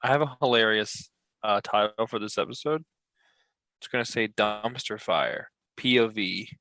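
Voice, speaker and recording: A man's voice: lowish voice, moderate pace, sharp tone, no echo. A man chatting on a podcast, joking and laughing often. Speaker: podcast co-host. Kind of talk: casual chat.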